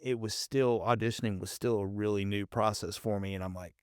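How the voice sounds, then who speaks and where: A podcast host with a faint Southern accent talks in an easygoing, anecdotal way. His voice is low and smooth, and the recording is dry and close. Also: steady tone, fairly quick, no echo. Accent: faint Southern American. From Southern United States. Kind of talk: casual podcast conversation.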